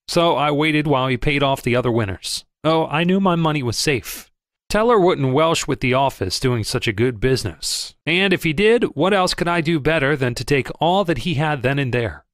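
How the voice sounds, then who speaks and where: A man reading a first-person audiobook in a lively storytelling manner, close to the mic. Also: a little high, moderate pace, no room sound. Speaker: audiobook narrator.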